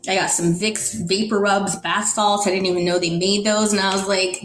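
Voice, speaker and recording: A woman from the Netherlands, a podcast guest, telling a personal story in an animated way and acting out the dialogue. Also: mid-range voice, moderate pace, few pauses. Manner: animated, acts out dialogue in quotes. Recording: roomy echo, faint music.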